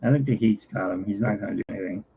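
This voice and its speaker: A man vlogging casually at home, rambling to the camera and talking softly to his cat. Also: rapid-fire, a little hiss or hum. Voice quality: gravelly, husky. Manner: rambling, talks to his cat, often drops to a low, quiet voice. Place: home, indoors. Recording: dull lo-fi home recording.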